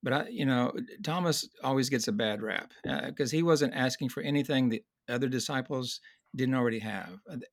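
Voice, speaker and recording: A man teaching in a conversational Bible study discussion, earnest and explanatory, slowing down to stress key points. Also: mid-range voice, no room sound, studio quality.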